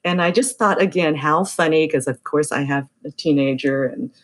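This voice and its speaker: A woman's voice: low-pitched, normal speed. A middle-aged woman, a massage therapist, telling a story in casual chat and acting out the voices of people she quotes. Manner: chatty, acts out quoted voices.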